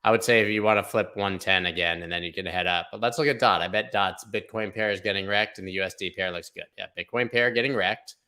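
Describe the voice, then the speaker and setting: Bright-voiced man rambling over market charts. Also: fairly low pitch, fairly even intonation, fast talker, hardly any pauses. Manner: rambling, jokey, thinks aloud. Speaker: crypto market analyst host. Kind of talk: casual livestream chart commentary.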